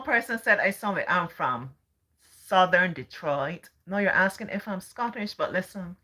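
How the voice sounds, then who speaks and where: A woman's voice: on the low side, expressive, moderate pace, bright, forceful tone. A middle-aged woman from Barbados with a Barbadian accent, chatting casually on a livestream and answering viewer comments. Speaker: livestream host.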